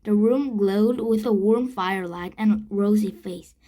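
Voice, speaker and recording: Brief: woman reader, slow and halting, storybook read-aloud with self-corrections. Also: medium pitch, dark tone, poor audio. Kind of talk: reading a children's book aloud.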